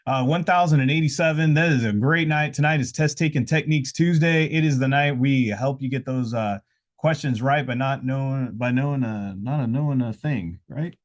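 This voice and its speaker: During a live podcast indoors, with noise in the background, a male host talks at a normal speed in a mid-range voice. His casual, motivational talk wanders loosely, broken up by frequent "uh"s and restarts.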